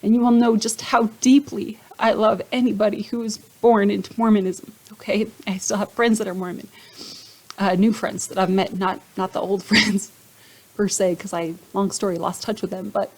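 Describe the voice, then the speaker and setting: A woman's voice: mid-range voice, a little mellow, poor audio. A woman vlogger sharing her personal faith testimony, earnest and emotional, who keeps addressing her viewers directly with little check-ins. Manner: emotional, gets choked up.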